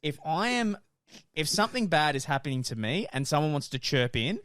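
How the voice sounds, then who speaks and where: Young man, podcast co-host, lively sweary storyteller, close dry mic. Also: on the high side, brisk, clean tone, no echo. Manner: animated storytelling, swearing, laughing. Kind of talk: casual chat.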